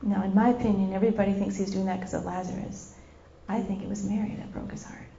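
A woman's voice: medium pitch, little pitch movement, quick pace, vocal fry, dark tone, slight background noise. A woman preacher giving an impassioned sermon, repeating her phrases and acting out scenes as she goes. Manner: impassioned, repetitive, acts out scenes. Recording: dull lo-fi recording.

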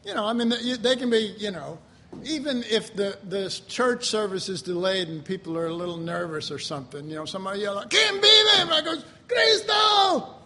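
A man preaching a sermon in an animated way, laughing often and bursting into loud shouts. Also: high voice, fast, slight background noise.

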